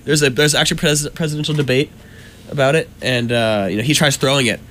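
A young man hosting a casual college radio show, telling stories in an animated way. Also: mid-range voice, fast, slight background noise. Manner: animated storytelling.

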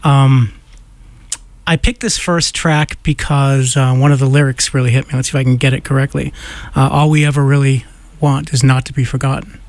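A man hosting a radio show in a studio, easygoing, leading with gentle prompts. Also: mid-range voice, little pitch movement, normal speed, dry recording. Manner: easygoing, with short murmured replies and gentle prompts. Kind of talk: radio interview.

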